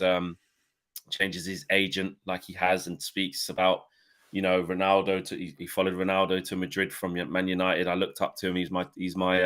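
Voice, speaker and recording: A man's voice: deep voice, pushed and bright. Chatty man hosting a football podcast. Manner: chatty, laughs often, many fillers. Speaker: podcast co-host. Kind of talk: casual football chat.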